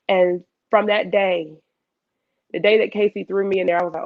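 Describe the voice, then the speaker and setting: Gravelly, animated woman telling a story. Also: medium pitch, normal speed, dry recording, narrow, tinny audio. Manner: animated storyteller acting out her own past lines. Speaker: guest. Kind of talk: casual storytelling chat.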